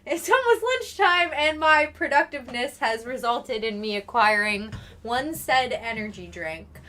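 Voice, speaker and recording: A young woman chats loosely with her live viewers, reading their messages aloud and swearing freely. Her voice sits high, and her tone is bright. She breaks into excitable greetings when she spots familiar names. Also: unhurried. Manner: chatty, swears often, reads chat aloud; excitable greetings, frequent laughs. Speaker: streamer. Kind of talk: casual chat with live viewers.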